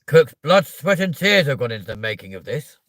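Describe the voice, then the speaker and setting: Man putting on Miss Trunchbull, booming tyrant. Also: sing-song, brisk, no room sound. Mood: bellowing. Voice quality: loud, barking. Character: bullying hulking headmistress, booming and tyrannical.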